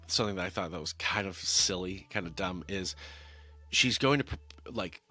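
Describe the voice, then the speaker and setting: A man's voice: low voice, moderate pace, sharp tone. A man casually reviewing a film on camera, wry and rambling with many restarts. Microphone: talking-head camera mic.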